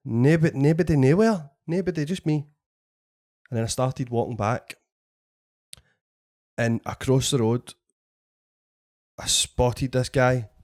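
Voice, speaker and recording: A man's voice: medium pitch, measured pace, long pauses. Scottish man telling a swearing story. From Scotland. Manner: swears a lot, animated storyteller. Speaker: podcast host and comedian. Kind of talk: casual storytelling chat.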